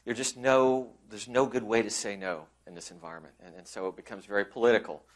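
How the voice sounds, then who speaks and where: A man presents a conference session conversationally, restarting often and acting out colleagues he quotes. His voice is on the low side with a steady tone, and he speaks fast.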